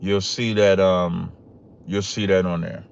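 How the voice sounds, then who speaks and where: A man's voice: low-pitched, unhurried, vocal fry, clear, resonant tone. Guy ranting on his livestream, keeps saying y'all, voice jumps up when he gets worked up, kinda muffled audio. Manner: animated, rising emphatic outbursts, addresses viewers as y'all. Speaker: podcast host. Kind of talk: casual livestream talk to chat.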